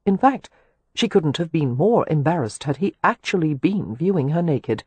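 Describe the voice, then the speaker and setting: A woman reads an audiobook with measured, steady storytelling. Her voice is soft and a little husky, recorded close and dry with no room around it. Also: low-pitched, dry recording. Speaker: audiobook narrator. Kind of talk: scripted audiobook narration.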